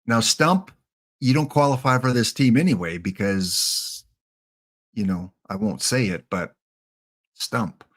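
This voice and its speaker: A man's voice: on the low side, a little slow, pauses often, a bit bright. A man doing live-streamed commentary over a baseball sim, muttering to himself and talking to the players on screen as he picks them.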